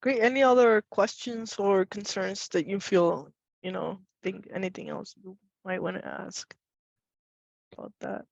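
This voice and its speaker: A woman's voice: mid-range voice, fairly even intonation, measured pace, gravelly, dry recording. A woman facilitating a webinar over a video call, chatty and encouraging, with many affirming murmurs. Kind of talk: casual webinar discussion. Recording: dull, dry video call audio.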